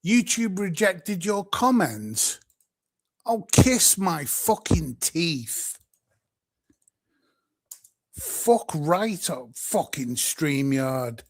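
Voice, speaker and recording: A man's voice: fairly high pitch, sing-song, drawn-out words, pauses often. A British man hosting a livestream, ranting in an angry, profane, exasperated way. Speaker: livestream host. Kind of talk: profane live-stream rant.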